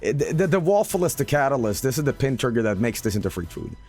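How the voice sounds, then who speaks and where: Animated man streaming, hyperbolic rants. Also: mid-range voice, quick pace, soft background music. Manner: animated, hyperbolic, swears and shouts at losses; mock-announcer flourishes. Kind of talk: casual gameplay commentary.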